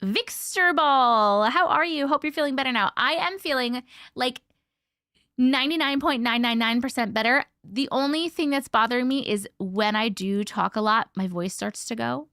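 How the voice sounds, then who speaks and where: A woman's voice: normal speed, bright, forceful tone, no room sound, clean studio sound. A woman hosting a casual livestream, chatting and greeting viewers by name with a bubbly, laugh-ready manner. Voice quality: naturally high-pitched voice. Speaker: livestream host.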